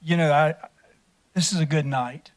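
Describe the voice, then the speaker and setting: A man speaks at a county council meeting, telling folksy, humorous stories in tribute. His voice sits slightly high, and he laughs easily between lines. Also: steady tone, moderate pace. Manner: folksy, jokey storytelling, laughing often. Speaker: council member. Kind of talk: anecdotal tribute speech. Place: council chamber.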